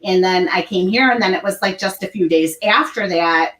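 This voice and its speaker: A woman's voice: fairly low pitch, normal speed, a bit bright, far from the mic, rough recording. A woman explaining herself in casual conversation, hesitant and full of fillers. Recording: voice heard from farther off the mic.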